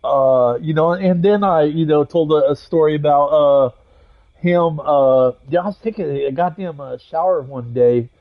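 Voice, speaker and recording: A man's voice: fairly high pitch, unhurried. Man, gamer telling an army tale, cursing constantly, rambling, dull muffled audio. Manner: profane, rambling storyteller with many fillers and restarts. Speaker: gaming streamer and army veteran. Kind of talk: casual anecdote told while gaming.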